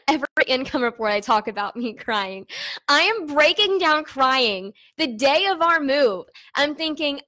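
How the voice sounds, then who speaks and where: A young woman with a high voice talks straight to her viewers in a casual vlog. She is candid, chatty and openly emotional, and treats her audience like close friends. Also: bright, forceful tone. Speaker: online business owner giving an income report. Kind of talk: casual to-camera vlog talk.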